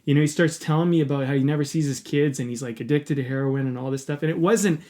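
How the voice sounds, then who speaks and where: An earnest man with a slightly higher voice tells a personal story on a podcast. He talks openly and casually, with the odd swear word. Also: fast talker, darkish tone. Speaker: podcast host.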